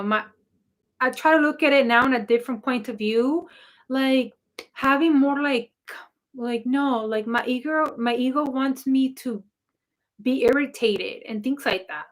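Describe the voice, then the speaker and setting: A woman who works as a spiritual coach, talking casually and rambling with many fillers and restarts as she answers viewer questions. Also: on the high side. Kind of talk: casual talk to camera.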